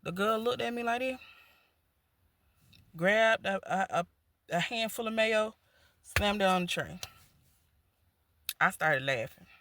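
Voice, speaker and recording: A man's voice: sits high, animated, slow pace, pauses often, pushed and bright. A man chatting casually in an easygoing way, shrugging off annoyances. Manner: easygoing, laughing off annoyances, self-reflective. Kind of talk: casual chat.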